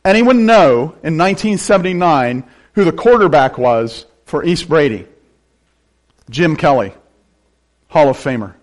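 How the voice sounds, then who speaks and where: An older man from western Pennsylvania, preaching a sermon with animated delivery and joking asides. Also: fairly high pitch, unhurried, long pauses. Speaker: pastor.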